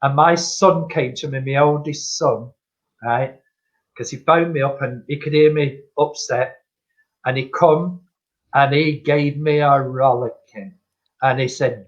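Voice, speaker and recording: A man's voice: a little high, normal speed. Older man, a medium and guest on a video call. Slightly raised voice that acts out his stories. Dull lo-fi audio. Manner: acts out dialogue, laughs often, calls people "my friend". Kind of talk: chatty anecdotal storytelling.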